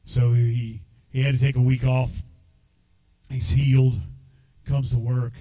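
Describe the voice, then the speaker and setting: A man's voice: medium pitch, flat delivery, unhurried, mellow, rough recording. A man preaching a sermon as assistant pastor, telling a story in a conversational way and rising into fervent exhortation. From United States.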